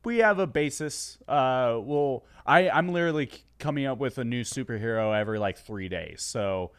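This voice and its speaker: Man, podcast co-host, casual chat, excitable, rambling, restarts. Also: mid-range voice, normal speed, clear, resonant tone.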